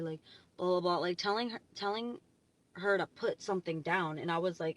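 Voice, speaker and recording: A young woman telling a storytime vlog into her phone from her parked car, rambling and excitable, packing her talk with "like". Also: on the low side, normal speed, low-quality recording. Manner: chatty, rambling, heavy "like" fillers, excitable. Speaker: vlogger.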